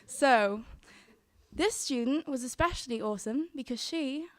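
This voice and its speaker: Young woman telling a true story, higher voice. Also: expressive, unhurried, no echo, studio quality. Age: young adult. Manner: earnest, quotes her own thoughts aloud. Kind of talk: live storytelling.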